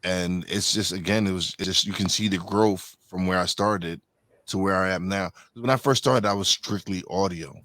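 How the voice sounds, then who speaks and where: A man's voice: low-pitched, steady tone, normal speed, fairly bright tone, no echo. A man hosting a podcast, chatting casually and rambling through many restarts and self-corrections. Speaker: podcast host. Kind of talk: casual interview chat.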